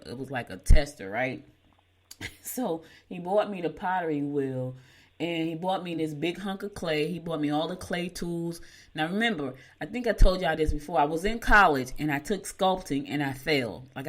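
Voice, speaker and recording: Host, woman, middle-aged, lowish voice, casual storytelling that laughs at itself. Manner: chatty storyteller, laughs at herself, folksy. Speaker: morning show host. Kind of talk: casual chat and horoscope reading.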